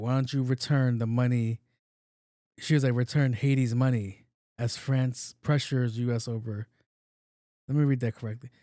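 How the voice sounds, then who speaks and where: Podcast host, man in his late thirties, casual and profane, mid-pitched voice, dry close sound. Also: a little mellow, no room sound. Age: 30s. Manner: loose, profane, repeats himself. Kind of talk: casual solo podcast commentary.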